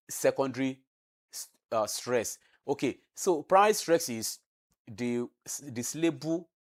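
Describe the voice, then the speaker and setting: A man talks through past exam questions at a medium pitch. He explains step by step, repeats key terms and stretches words to stress them. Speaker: teacher. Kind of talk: exam revision lecture.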